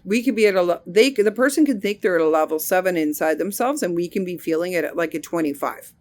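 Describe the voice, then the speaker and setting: A middle-aged woman speaks in a somewhat low voice, sharing a reflective spiritual monologue. She is earnest and unhurried, and she often restarts a phrase as she searches for the right word. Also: a little mellow. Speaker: spiritual healing teacher.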